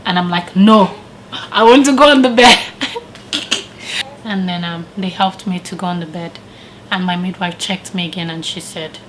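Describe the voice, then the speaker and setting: A woman vlogger casually telling a personal story with animated retellings and frequent laughter. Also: lowish voice, slight background noise, low-quality recording. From living in Canada.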